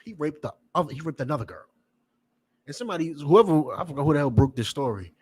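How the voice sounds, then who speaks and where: Here the voice runs on the high side, expressive and quick, with a darkish, husky tone. The man is a preacher and teacher in the middle of a fiery, profane lecture, emphatically repeating himself and challenging his listeners with direct questions.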